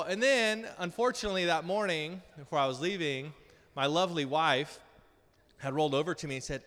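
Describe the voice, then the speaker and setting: A male preacher giving a sermon, telling funny personal stories in an animated, self-deprecating way, often laughing at himself. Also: a little high, a little fast. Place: large church hall. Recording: long hall reverb.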